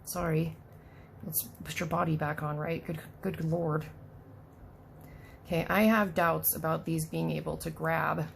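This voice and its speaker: A woman's voice: low-pitched, fairly even intonation, unhurried, creaky, long pauses, slight background noise. A woman hosting a casual unboxing video, chatty and self-deprecating, talking to the doll as she works. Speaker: unboxing vlogger.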